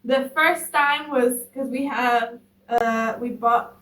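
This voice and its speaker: A young woman in her twenties co-hosts a casual chat, talking softly and hesitantly with frequent restarts. Her voice is somewhat high. She sounds set back from the mic in an echoey room, with faint background hiss. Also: steady tone, slow, recorded from a distance. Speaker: co-host.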